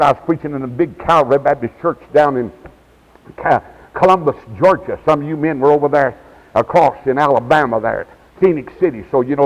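A man preaching as an evangelist at a revival, swinging from low asides to high shouted cries. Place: church. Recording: dull lo-fi 1990s church tape.

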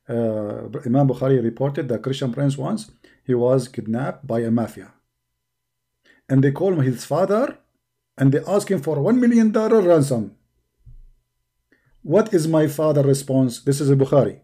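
Sarcastic mellow-voiced man taunting. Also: medium pitch, lively intonation, normal speed, pauses often, husky. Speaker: online debater. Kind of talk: mocking stream monologue.

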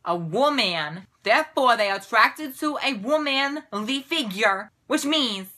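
A young Puerto Rican vlogger rants to her camera in a casual video, her voice on the high side, expressive, pushed and bright at a measured pace. She comes across sassy and exasperated, with a mocking edge.

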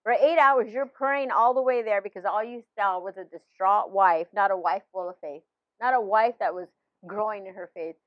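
A woman's voice: mid-range voice, normal speed, no echo, highs cut off. A woman in her fifties, a pastor, sharing a personal faith story in conversation with many restarts and laughs.

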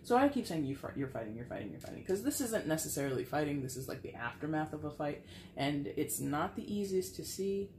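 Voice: medium pitch, very animated, brisk, a little mellow, a little hiss or hum. Frank, sighing tarot reader in an echoey room. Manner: frank, conversational, swears, sighs often. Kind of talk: casual tarot reading to camera. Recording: echoey room with faint ambience.

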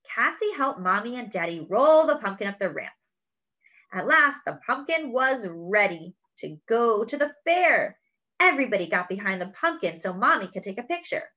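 Bright, expressive woman reading to children. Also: a little high, normal speed, muffled recording. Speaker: children's story reader. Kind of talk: read-aloud storytelling.

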